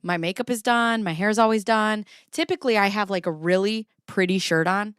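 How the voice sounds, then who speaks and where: A woman's voice: medium pitch, brisk, few pauses, fairly bright tone, smooth, dry recording, soft background music. A woman hosting a casual livestream from her home basement, chatty and profane, often laughing as she reads documents and talks to her chat. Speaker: livestream host. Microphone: camera pointed at herself.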